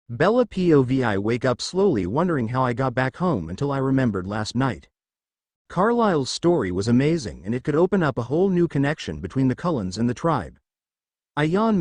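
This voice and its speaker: A man reading a first-person fan fiction audiobook in a lively, expressive way. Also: mid-range voice, dry recording.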